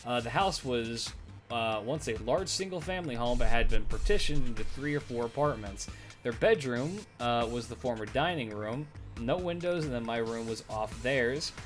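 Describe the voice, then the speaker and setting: A man's voice: mid-range voice, animated, moderate pace, soft background music. Rambling young man telling stories. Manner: rambling, profane, uses many fillers. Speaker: streamer. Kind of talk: casual chat and storytelling.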